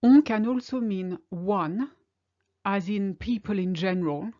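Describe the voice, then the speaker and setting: A woman with a French accent, a native French speaker, teaching an online lesson and explaining examples slowly and clearly. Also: mid-range voice, dark tone, lo-fi sound.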